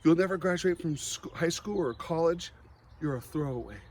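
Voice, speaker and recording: A woman's voice: sits low, animated, normal speed, darkish tone. A man voicing a cold schoolteacher who belittles a pupil. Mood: contemptuous. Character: cold, dismissive female schoolteacher.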